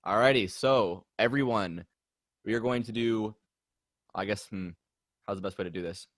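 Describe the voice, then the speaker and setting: A man calmly moderating an online party game on a video call, giving instructions. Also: on the low side, normal speed, no echo, clean studio sound. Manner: matter-of-fact, instructing.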